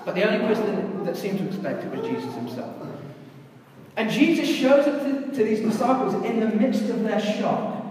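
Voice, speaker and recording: A woman's voice: mid-range voice, lively intonation, normal speed, darkish tone, a little hiss or hum. A woman preaching a sermon in a conversational way, putting questions to her listeners. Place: large church hall. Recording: very echoey hall, voice from far off.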